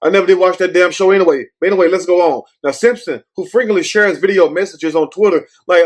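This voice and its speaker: A show host with a high-pitched voice talks fast and barely pauses on his casual commentary show. He's blunt and profane, rambling and often swearing before circling back with "but anyway."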